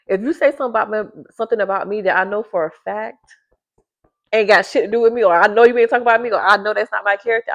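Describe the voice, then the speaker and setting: A woman talks casually to viewers, repeating herself for emphasis and jumping high in pitch when she gets worked up. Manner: keeps her voice down at first with a sleeping baby nearby. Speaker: vlogger giving a reading to viewers. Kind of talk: casual direct-to-camera talk. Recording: slightly dull lo-fi sound.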